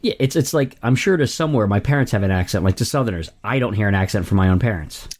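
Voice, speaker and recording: A man's voice: fairly low pitch, animated, fast talker, a little mellow. A man co-hosting a podcast, talking in an easygoing, agreeable, casual way. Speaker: podcast co-host. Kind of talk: casual chat.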